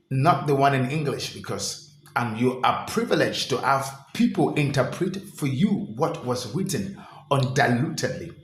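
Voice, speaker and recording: A man speaking in a lively, questioning way about religion. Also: medium pitch. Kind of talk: religious talk. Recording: roomy sound with faint music.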